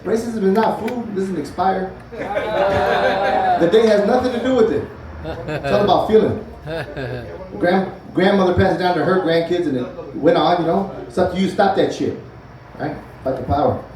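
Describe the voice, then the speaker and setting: Onstage at a comedy club, a stand-up in his forties delivers a loose, profane set and chats with the crowd between bits. He speaks in a high voice at normal speed, leaving long pauses, and the echoey recording is taken from far off with the audience laughing.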